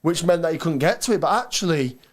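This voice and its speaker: A man's voice: a little high, lively intonation, quick pace. A young man, co-hosting a casual football watchalong, chatty with frequent restarts. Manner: chatty, hesitant restarts, laid-back banter. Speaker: watchalong co-host.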